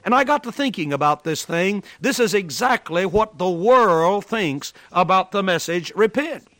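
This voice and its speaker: A man's voice: high voice, lively intonation, normal speed, fairly bright tone, dry recording. A man preaching a sermon, telling a story in an earnest, emphatic way.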